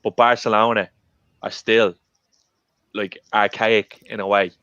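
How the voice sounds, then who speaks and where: A man rants with heat and emphasis during a podcast chat, swearing often. His voice is low, and it comes through a dull, lo-fi mic with a dry sound. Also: flat delivery, measured pace, bright, forceful tone, smooth, no echo. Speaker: podcast co-host.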